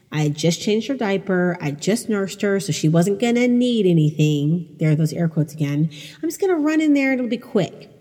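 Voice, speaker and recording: A woman's voice: lowish voice, dark tone, slightly rough, long reverb tail. A middle-aged woman hosting a podcast, telling personal stories in a candid, conversational, self-deprecating way. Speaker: podcast host. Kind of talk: personal storytelling monologue.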